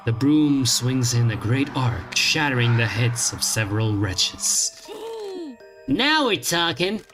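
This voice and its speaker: Slow, deadpan male streamer. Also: mid-range voice. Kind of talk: reading game text aloud on a stream. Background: game music.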